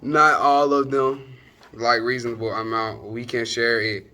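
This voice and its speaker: A man's voice: mid-range voice, fairly even intonation, measured pace, pushed and bright. A young man performing a comedic monologue as a cocky boyfriend stumbling through an apology, correcting himself as he goes. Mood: sheepish. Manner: awkward, self-correcting, boastful. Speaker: student actor.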